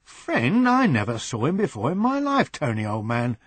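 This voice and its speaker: A flustered, tipsy man whose voice jumps high and rushes when he protests, as a male narrator puts him on. It is a dry, close storybook reading. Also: expressive, dry recording, lightly acted. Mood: exasperated. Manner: high-pitched, rushed and exasperated.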